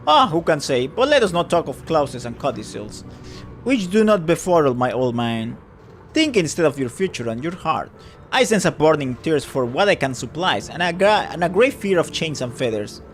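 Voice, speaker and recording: A man's voice: on the high side, sing-song, normal speed, a little hiss or hum. A man voicing an old woman fortune teller who talks in a grand, flowery, scheming way. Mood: theatrical.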